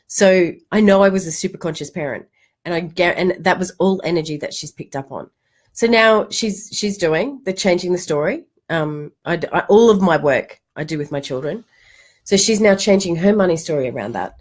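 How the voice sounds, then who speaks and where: A woman's voice: lowish voice, moderate pace. A middle-aged woman giving a casual livestream talk as a money coach, telling stories animatedly and swearing now and then. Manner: animated storytelling, acts out quotes, casual swearing.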